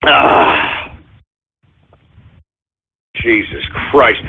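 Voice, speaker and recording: Frantic shouting radio host, husky and tinny. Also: male voice, a little high, very animated, measured pace. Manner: frantic, swearing, repeatedly shouting apologies. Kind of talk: comedic call-in radio rant. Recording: tinny phone-like audio.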